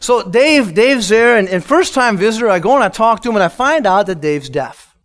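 Pastor, Midwestern man, high-pitched, emotional sermon delivery with sudden hushed moments. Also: lively intonation, moderate pace. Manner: emotional, swings from loud emphatic lines to hushed soft ones. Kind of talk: sermon with a personal testimony.

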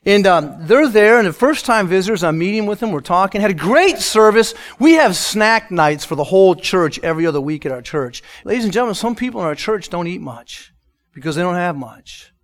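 Pastor, Midwestern man, high-pitched, emotional sermon delivery with sudden hushed moments. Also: animated, a little fast. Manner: emotional, swings from loud emphatic lines to hushed soft ones. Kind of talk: sermon with a personal testimony.

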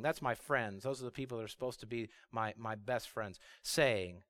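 A middle-aged man preaching a sermon, acting out the prophet's complaints with feeling and dropping low and quiet to read scripture. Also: expressive, fairly quick, few pauses.

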